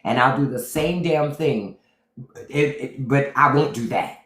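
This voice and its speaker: A man's voice: medium pitch, unhurried, fairly bright tone. Blunt middle-aged man in an echoey room. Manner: blunt, profane, talks straight to chat. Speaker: livestream host. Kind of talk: casual livestream commentary. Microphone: phone.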